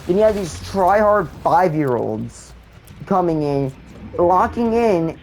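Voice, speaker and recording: A man's voice: sits high, animated, slow, a little mellow, rough recording. A young man commenting on his own gameplay, rambling and complaining, with many fillers and restarts. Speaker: gamer. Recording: faint game noise and gunfire behind.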